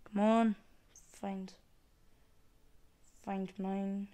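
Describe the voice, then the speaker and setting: A woman's voice: mid-range voice, flat delivery, drawn-out words, dark tone. A woman vlogger chatting casually to her viewers, exclaiming and thinking aloud as she goes. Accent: non-American, with regional word "wee". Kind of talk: casual unboxing chat to viewers.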